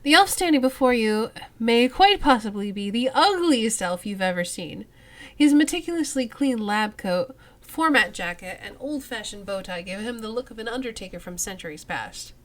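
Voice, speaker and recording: A woman's voice: a little high, animated, normal speed. A woman streamer playing a role-playing game, reading the narration aloud and making casual, giggly asides. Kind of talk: let's play with commentary and narration.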